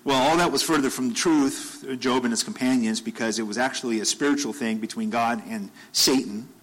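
Here a man preaches in a fairly quick, medium-pitched voice with a fairly bright tone, heard on a rough recording. His sermon stays conversational, but he loops back on phrases and bursts into urgent, repeated questions for emphasis.

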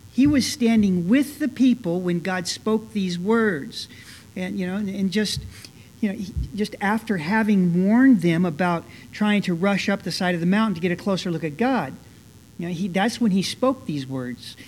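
Earnest pastor, halting conversational sermon. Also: male voice, sits high, a little mellow, a little hiss or hum. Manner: conversational, many "you know" fillers and restarts; earnest, rising with emphasis. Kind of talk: expository sermon.

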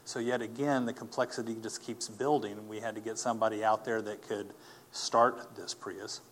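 A man telling a personal faith testimony as a story, earnest and animated, acting out the people he quotes. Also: lowish voice, normal speed, slight background noise. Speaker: speaker giving a personal testimony.

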